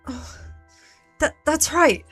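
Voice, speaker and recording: A woman commentating her game live in an unhurried, high-pitched voice. She talks to herself and her viewers and swears when something startles her, with faint game music playing behind her. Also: lively intonation, fairly bright tone.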